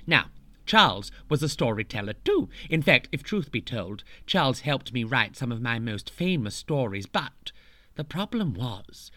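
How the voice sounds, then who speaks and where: A man's voice: mid-range voice, sharp tone, dry recording. A man narrating a storybook tale in a camp, playful, mock-grand way, full of cheeky asides.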